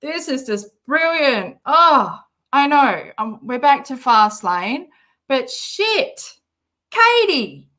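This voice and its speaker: A woman's voice: sits high, expressive, slow, fairly bright tone. An Australian woman hosting a commentary channel, reacting to a clip in a sarcastic, mocking way and swearing often.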